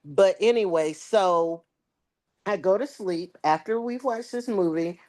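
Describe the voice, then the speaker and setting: On a relaxed podcast, a co-host who is an adult with children tells a story in an unhurried way, with the easy rhythm of family conversation. An animated storyteller, she acts out quoted dialogue in characters' voices, her pitch jumping up and down.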